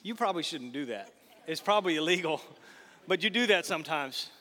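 A pastor gives a sermon in a church sanctuary, speaking fairly quickly in a slightly high voice that fills a large hall. He tells lively stories and keeps turning to address the congregation directly.

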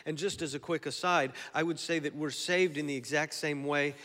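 Pastor, man, bright forceful voice, preaching in a reverberant church hall, shifts from hushed to loud. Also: a little high, fairly even intonation. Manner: swings from soft and slow to loud and emphatic. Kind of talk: sermon. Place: church sanctuary.

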